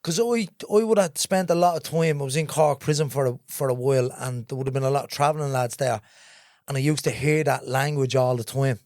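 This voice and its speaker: A man with a Dublin accent, a podcast guest, chatting in a lively way with quick asides. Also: medium pitch, dry recording, clean studio sound. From Dublin, Ireland. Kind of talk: casual interview chat.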